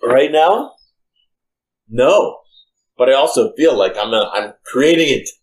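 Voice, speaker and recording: A man's voice: mid-range voice, lively intonation, a little slow, poor audio. A man, an entrepreneur, in a casual chat, thinking aloud and swearing casually. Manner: reflective, swears casually, many restarts.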